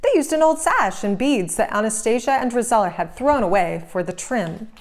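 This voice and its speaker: A woman narrating a children's storybook aloud, clear, gentle and expressive. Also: fairly high pitch, moderate pace.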